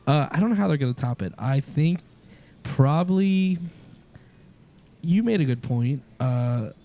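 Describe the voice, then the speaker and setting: A man's voice: on the high side, a little slow. A young man hosting a casual podcast chat, telling stories and acting out the quoted dialogue. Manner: animated storytelling, acts out quoted dialogue. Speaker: podcast host.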